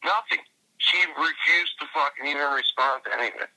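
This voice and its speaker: A man's voice: on the high side, a little fast, bright, forceful tone, breathy edge. A man telling a long, profane story in casual conversation, full of fillers and restarts, recorded from a phone call. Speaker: interviewee.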